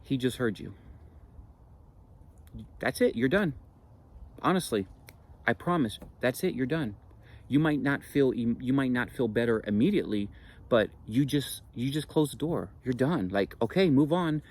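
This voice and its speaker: A man's voice: medium pitch, expressive, normal speed, long pauses, a little mellow. A man speaking earnestly and reassuringly in a spiritual monologue, repeating phrases for emphasis. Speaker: spiritual teacher.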